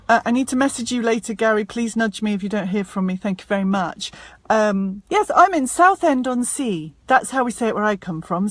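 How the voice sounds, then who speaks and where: A woman's voice: on the high side, no echo. A woman chatting casually on a live stream from inside her parked car, bubbly and self-mocking, into a propped-up phone. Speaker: self-help author and happiness coach. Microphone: phone propped up in front of her.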